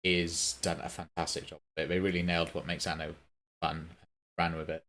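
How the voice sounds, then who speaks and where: Very deep-voiced man chatting about games. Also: flat delivery, brisk, fairly bright tone, a little hiss or hum. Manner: enthusiastic, rambling with many fillers. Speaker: podcast co-host. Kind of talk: casual gaming podcast chat.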